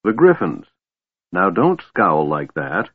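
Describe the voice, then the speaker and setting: A man's voice: sits low, wildly swooping pitch, slow, slightly rough, dry recording, full character voice. A man voicing a weary, bitter young elf woman commander, sighing through her lines. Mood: tired resolve. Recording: tinny phone-like line, dry.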